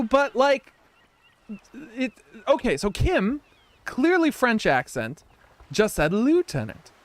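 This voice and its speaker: A man's voice: extremely high pitch, dry recording. An American man streaming a video game, giving casual, joking commentary with rambling asides. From United States.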